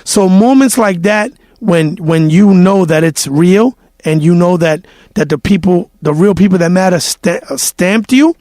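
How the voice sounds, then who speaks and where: New man in his thirties, high-pitched, dry close mic; animated guest storyteller. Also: unhurried, hardly any pauses, dry recording. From New York. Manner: animated storyteller, acts out quotes, swears freely. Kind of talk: casual interview storytelling.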